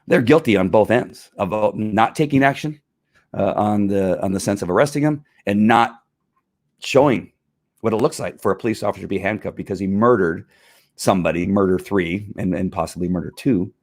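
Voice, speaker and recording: A man's voice: on the low side, fairly quick. Frustrated middle-aged man ranting. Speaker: retired police officer hosting his own show. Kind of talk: casual livestream commentary.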